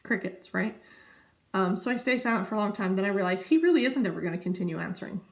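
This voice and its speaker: A woman's voice: medium pitch, lively intonation, fast talker. Chatty woman vlogging in an echoey room. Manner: chatty, rambling, easily sidetracked. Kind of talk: casual chat to camera.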